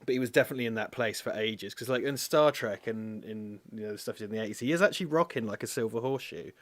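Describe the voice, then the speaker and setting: A man's voice: on the low side, fast talker, dry recording. A young British man co-hosting a casual chat, rambling, swearing and mocking himself. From Britain. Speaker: podcast co-host.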